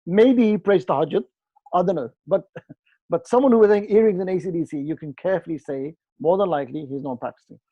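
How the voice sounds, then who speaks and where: Man, trainer, online session, joking and lively, fairly high voice, dry dull video-call sound. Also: fast, no room sound. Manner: lively, joking, acts out dialogues.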